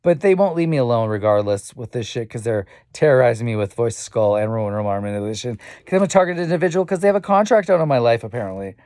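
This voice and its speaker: Young man, rambling vlog monologue, profane and repetitive, mid-pitched voice, dry close sound. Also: big pitch swings, fast, few pauses, darkish tone, no room sound. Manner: sighing, muttering asides. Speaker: vlogger.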